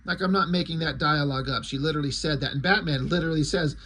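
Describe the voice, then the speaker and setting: A man reviewing a comic book in a casual recap, crude, excitable and sarcastic. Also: on the high side, fast, breathy edge.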